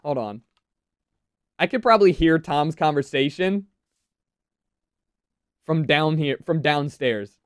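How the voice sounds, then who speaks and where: A woman's voice: sits low, lively intonation, dry recording, clean studio sound. A woman chatting casually while playing a game, anxious and giving orders to her teammate. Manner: anxious, bossy, quick to give orders. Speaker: gamer. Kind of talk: casual gameplay chat.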